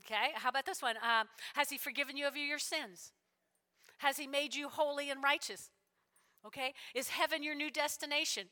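High, bright-voiced woman preaching in a reverberant hall. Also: normal speed. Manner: animated, repeats lines, checks in with "all right?". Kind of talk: sermon.

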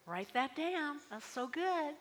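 A woman's voice: high voice, lively intonation, takes it slowly. A woman pastor preaching a sermon in a chatty way, often checking in with the congregation and leading call-and-response. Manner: chatty, tag questions, audience call-and-response. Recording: long hall reverb.

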